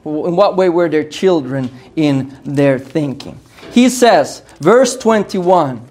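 A man preaching an expository sermon as pastor, earnest and emphatic, somewhat hoarse as he is losing his voice. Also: on the high side, animated, slow, darkish tone. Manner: earnest, emphatic exhortation with frequent restarts.

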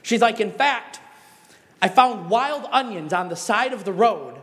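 High-voiced Midwestern pastor preaching. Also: male voice, a little slow, long reverb tail. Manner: animated storytelling with emphatic exhortations. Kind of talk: sermon.

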